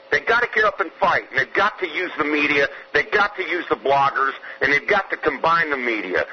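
A man's voice: a little high, dull audio, slight background noise. A man from Georgia, calling in to a radio show with a fiery, profane, emphatic rant. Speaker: caller. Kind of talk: angry phone-in rant.

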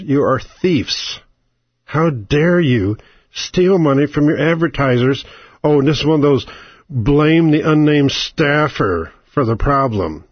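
A man's voice: medium pitch, dry recording. A man hosting casual political commentary, ranting and sarcastic, often indignant. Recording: dull lo-fi audio.

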